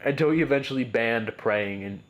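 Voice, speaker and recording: A man's voice: medium pitch, a little fast, lo-fi sound. A man casually telling a personal story as a podcast guest, rambling with lots of "like" and "bro" and frequent restarts.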